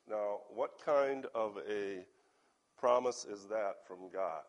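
A man with a hoarse voice preaching a sermon, reading scripture aloud and asking his listeners earnest questions. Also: fairly low pitch, takes it slowly.

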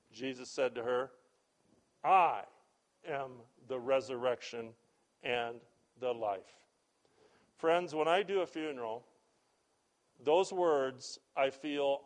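Slow, emphatic male preacher. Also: mid-range voice. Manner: measured and emphatic, slowing on key words; interrupts the reading with plain asides to the congregation. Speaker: pastor. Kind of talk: sermon with scripture reading.

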